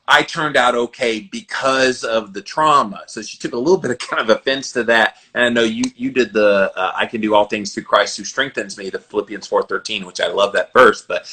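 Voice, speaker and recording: A man with a Southern American accent hosting a podcast interview, giving earnest, animated advice. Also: on the low side. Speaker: podcast host. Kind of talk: conversational interview.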